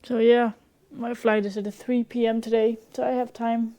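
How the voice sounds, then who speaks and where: A woman's voice: a little high, level tone, moderate pace, dark tone. A young woman from Denmark talking casually to camera in a vlog, hesitant with many fillers, sometimes dropping to a half-whisper. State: sick, in bed. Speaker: vlogger.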